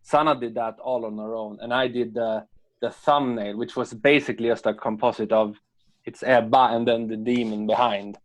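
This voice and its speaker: A man's voice: mid-range voice, steady tone, normal speed. Swedish man chatting as an interview guest. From Sweden. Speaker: filmmaker guest. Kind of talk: casual interview chat.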